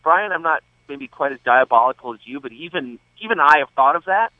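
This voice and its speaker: A man talks on political radio with a lively, wide-swinging delivery, his pitch leaping as he drives a point home. He is sardonic, with quick asides. His voice comes through a dull, lo-fi line with no room sound. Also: no echo. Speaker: radio show guest. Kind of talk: political talk radio interview.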